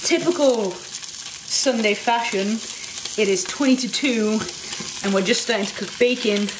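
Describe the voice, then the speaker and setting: A woman's voice: fairly high pitch, measured pace, reverberant, noisy background. A woman vlogging casually while cooking in her home kitchen, chatty and rambling with loose restarts. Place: home kitchen with food frying. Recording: frying sizzle under the voice.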